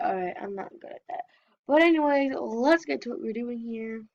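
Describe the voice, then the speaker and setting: A young woman gives casual, chatty commentary while she plays an online game. Her voice sits high and bright. The recording is dull and a bit lo-fi. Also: animated, slow. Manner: chatty, reads game text aloud. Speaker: gameplay vlogger. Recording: dull lo-fi sound.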